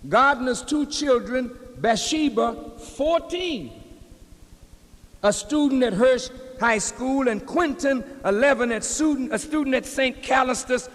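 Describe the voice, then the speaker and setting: A man's voice: extremely high pitch, a little slow. A man minister preaching a sermon, addressing the congregation directly as brothers and sisters. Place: large hall. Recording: long hall reverb.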